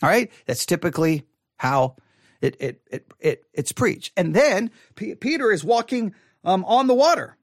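A man with a fairly high voice teaches a Bible study, reading old scripture aloud and then unpacking it in loose conversational speech. He often repeats or restarts his words as he thinks. The sound is dry and close, with no room around it. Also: expressive, normal speed, no echo. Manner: mildly critical of typical sermons.

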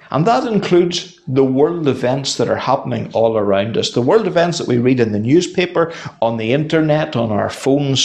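A man preaching a midweek Bible study sermon in a measured way, with some restarts and fillers. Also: mid-range voice, a little mellow. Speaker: pastor.

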